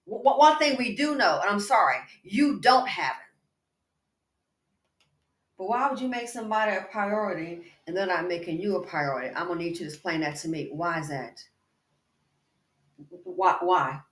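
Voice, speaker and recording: The echoey indoor recording captures a woman exercising while hosting casual commentary, animated and emphatic, calling her listener "girl" and "baby." Her pitch is medium and her speed normal.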